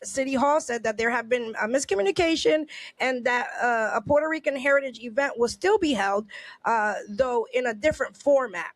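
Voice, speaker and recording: A woman's voice: sits high, dry recording. Indignant woman hosting a podcast, dry sound. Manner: indignant, many restarts and rhetorical questions. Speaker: podcast host. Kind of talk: casual podcast chat, reading news aloud.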